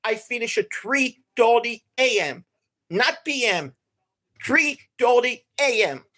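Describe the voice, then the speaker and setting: A woman with an accent, an energetic and enthusiastic gaming streamer chatting live to viewers. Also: on the high side, slow. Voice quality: non-native accent.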